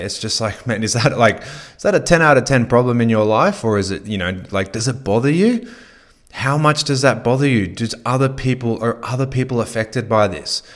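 A podcast host with a medium-pitched, animated voice talks fairly quickly and casually while coaching listeners on sales. His speech is full of fillers and repeated phrases.

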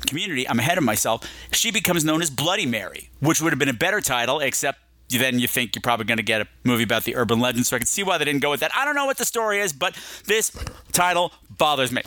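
A man's voice: mid-range voice, pushed and bright, dry recording. A man hosting a casual film review chat, playful and digressive, sometimes slipping into silly voices. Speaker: film podcast host.

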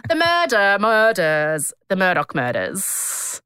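Chatty Australian woman podcaster, bright tone. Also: mid-range voice, huge pitch swings, slow pace, clear, resonant tone, no echo, clean studio sound. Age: 30s. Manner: chatty, rambling, lots of filler words. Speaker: podcast host. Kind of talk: casual storytelling chat.

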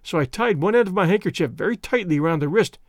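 A man's voice: high voice, animated, fast, dry recording, studio quality. A man reading the part of a pale young engineer who is polite, weary and nervous. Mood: shaken.

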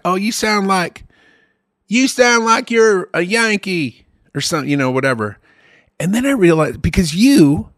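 A man co-hosting a podcast and rambling through an animated, profane story. His voice sits a little high for a man. The recording is dry and close. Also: no room sound. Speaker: podcast co-host. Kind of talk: casual chat.

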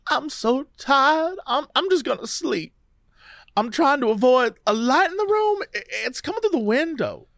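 A woman's voice: high-pitched, lively intonation, a bit bright, no echo, clean studio sound. A woman voicing a frightened young woman under hypnosis with a Louisiana accent, who stammers and halts as she recounts. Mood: sleepy. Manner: halting, stammering, breathless recounting.

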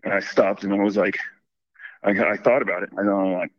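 A man's voice: lowish voice, fairly even intonation, fast, no room sound, highs cut off. A man calling in to a show, telling a long story casually with lots of restarts and quoted asides. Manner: rambling, restarts and self-quoting. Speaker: caller.

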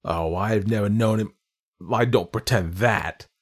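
A man's voice: on the low side, unhurried. Man putting on a tearful, simple old housekeeper woman. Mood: earnest. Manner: tearful, earnest, simple speech. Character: older humble housekeeper woman, soft-hearted.

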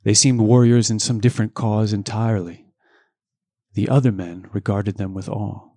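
In a recording with no room sound, a lowish-voiced man reads from a novel at normal speed. His delivery is casual, with animated voice changes for each line of dialogue and the occasional joke on the side.

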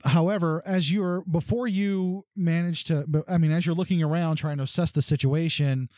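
A man's voice: fairly high pitch, fairly even intonation, moderate pace, a little mellow, no room sound, clean studio sound. Rambling man running a tabletop game. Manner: loose, rambling narration with many fillers. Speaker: game master.

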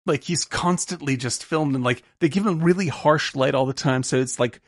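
A man co-hosting a podcast, animated and laughing often as he acts out scenes from films in quick impressions. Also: a little high, no echo, studio quality. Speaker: podcast co-host. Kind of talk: casual film discussion.

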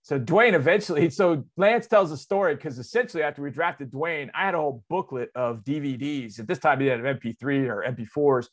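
A man in his forties, a sports radio host, telling a story on air in a loose, excitable, conversational way. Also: fairly quick, few pauses. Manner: animated, excitable storyteller with big swings in loudness and pitch; conversational, drops into loose asides.

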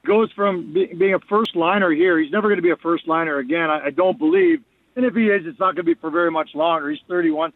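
Guest analyst by phone: man, fairly high voice, dry tinny line, frank and halting. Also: lively intonation, no echo. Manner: candid, repeats words while restarting. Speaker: radio host appearing as guest analyst. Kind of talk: casual sports radio chat.

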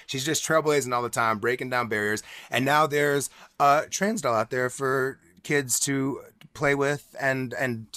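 A man co-hosting a podcast, chatting in animated, quick bursts. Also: medium pitch, dry recording, studio quality. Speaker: podcast co-host. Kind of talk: casual chat.

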